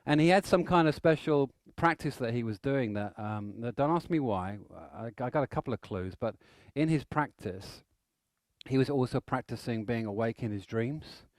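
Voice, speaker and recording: A man runs a training seminar, telling anecdotes and acting out the people in them. His voice sits at an ordinary middle pitch. The sound is dry, with no room echo. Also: moderate pace. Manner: animated, acts out stories with shouts and laughter. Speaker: NLP trainer. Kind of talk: live seminar storytelling.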